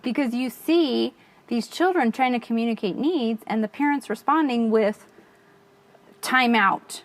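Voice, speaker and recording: A woman's voice: on the high side, measured pace. Woman podcast co-host, conversational parent. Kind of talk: casual podcast chat.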